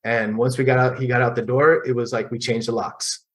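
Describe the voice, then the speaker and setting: A middle-aged man telling his personal recovery story at a support group meeting, halting and candid, with frequent restarts and pauses. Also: medium pitch, level tone, a bit bright, rough recording.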